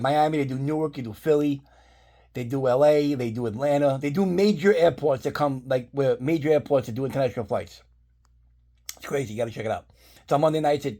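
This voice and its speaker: A man rambling through a casual storytime, swearing often as he retells events. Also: mid-range voice. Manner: rambling, profanity-laced, animated retelling. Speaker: vlogger telling a story.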